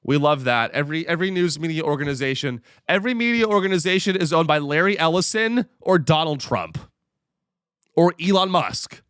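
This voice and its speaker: A man rants sarcastically with a fairly high, wildly swinging voice, piling on profanity for comic effect. The sound is dry and close. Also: brisk, clear, resonant tone, no echo. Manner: sarcastic, profane, animated ranting. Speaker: comedian podcast host. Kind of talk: comedic ranting monologue.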